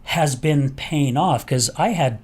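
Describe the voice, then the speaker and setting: A man's voice: a little high, slow, darkish tone, slight background noise. A middle-aged man hosting a podcast, telling a personal story in a candid, earnest way with some mild swearing. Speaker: podcast host. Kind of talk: casual storytelling chat.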